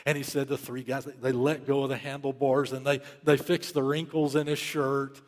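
A man's voice: medium pitch, flat delivery, moderate pace, long reverb tail. A man preaching a sermon, telling a story in an urgent, emphatic way and repeating key phrases. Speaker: pastor.

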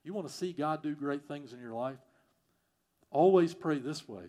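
A man preaching a sermon, repeating phrases and swinging from loud emphasis to quiet, prayerful lines. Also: on the high side, moderate pace. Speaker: pastor.

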